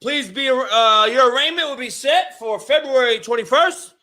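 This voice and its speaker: A man doing a halting, mock-formal judge reading charges in a comic courtroom skit. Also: very high voice, sharp tone.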